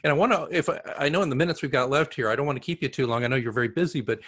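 A man's voice: mid-range voice, rapid-fire, fairly bright tone, husky. A man hosting an interview, asking long rambling questions full of "you know" and restarts. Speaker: host, communications advisor. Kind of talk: interview hosting, casual chat.

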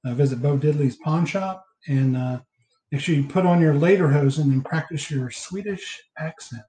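Male podcast host, halting recap, echoey room. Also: fairly high pitch, warm tone. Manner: halting, heavy filler words. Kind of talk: casual movie recap chat.

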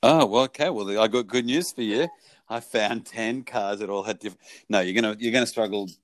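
A man's voice: on the low side, a little fast, no room sound. A man hosting a casual podcast chat, wry and joking. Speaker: podcast host.

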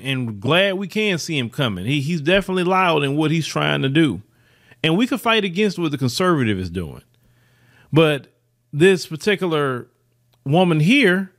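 A man's voice: sits high, fairly bright tone. Emphatic man preaching opinion commentary. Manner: preachy, emphatic, many repeated words and restarts.

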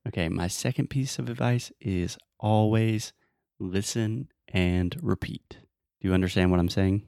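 Deep-voiced Southern American man teaching. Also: a little slow, creaky, a little mellow, smooth, no room sound, clean studio sound. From Southern United States. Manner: upbeat, teacherly, gives step-by-step advice. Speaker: podcast host and English teacher. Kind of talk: casual podcast chat.

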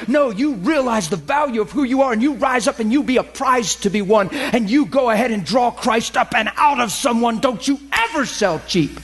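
A man with a high, bright-sitting voice delivers a sermon in a passionate, animated way. He preaches with fervor and presses each point hard. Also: normal speed, husky.

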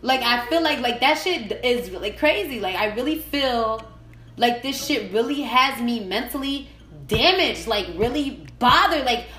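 A young woman talks through her own podcast in a high voice, swearing at nearly every turn and repeating herself as she vents. The room is echoey, and faint music plays underneath. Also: animated, moderate pace, fairly bright tone. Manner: swears constantly, repeats herself, angry ranting. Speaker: podcast host. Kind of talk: solo podcast venting.

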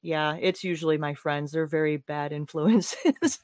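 A woman in her forties talks as a podcast guest in relaxed, lively conversation. She tells stories with animation and laughs often. The sound is dry and close, with little room. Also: sits low, unhurried, dry recording. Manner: animated storytelling, frequent laughs. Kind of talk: casual conversation.

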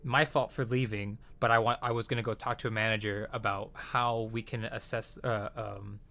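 A man's voice: fairly low pitch, steady tone, normal speed, creaky, sharp tone, soft background music. Casual male storyteller, rambling and profane, venting about work. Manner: rambling, profane, frequent fillers and restarts. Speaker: retail worker telling a story. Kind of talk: casual chat.

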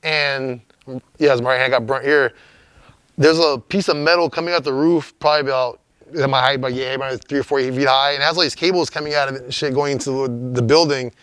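A man's voice: mid-range voice, fairly even intonation, fast, fairly bright tone, clear, resonant tone, no echo. A man telling a story as an interview guest, in a rambling, profane, laid-back way.

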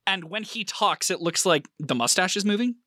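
A man narrating a tabletop role-playing game as game master, with animated, vivid description. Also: sits high, normal speed.

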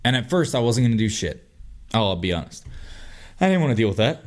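A young man telling a long story on a casual podcast, animated and full of swearing. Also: mid-range voice, a little fast. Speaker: podcast host.

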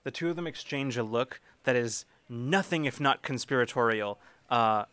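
A man narrating as game master of a tabletop role-playing game, relaxed and chatty. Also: medium pitch, moderate pace, clean tone. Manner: relaxed, with fillers and small laughs.

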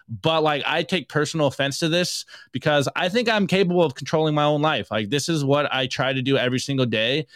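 In clean studio audio without any room sound, a medium-pitched male podcast co-host shares opinions casually. He talks with emphasis and a touch of indignation, frequently breaking off and starting over.

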